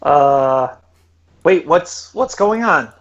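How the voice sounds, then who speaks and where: A man's voice: on the high side, animated, drawn-out words, highs cut off. A man playing a tabletop game, describing his character's actions with hesitant fillers. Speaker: player. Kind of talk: casual tabletop play.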